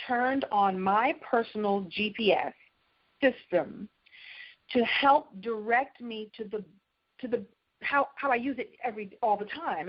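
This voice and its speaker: A woman in her fifties giving a motivational keynote talk, telling stories with lively acted-out bits. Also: medium pitch, highs cut off. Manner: animated storytelling, acts out catchphrases. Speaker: keynote speaker.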